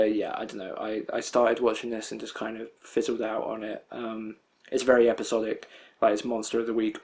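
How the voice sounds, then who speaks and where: A man's voice: medium pitch, darkish tone. A young man talking casually through his collection haul, rambling with lots of fillers and frequent chuckles. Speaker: anime collector showing a disc haul.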